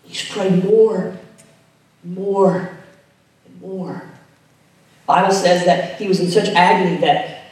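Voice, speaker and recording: A man preaching a sermon, retelling a scripture story, dropping to hushed tones and rising to emphatic ones. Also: high voice. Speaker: pastor. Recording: echoey hall, mic at a distance.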